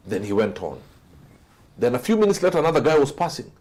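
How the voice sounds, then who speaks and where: Husky man telling a dramatic story. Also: mid-range voice, sing-song, fast talker. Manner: dramatic storyteller, voice swings from loud to hushed. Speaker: guest speaker. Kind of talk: motivational storytelling.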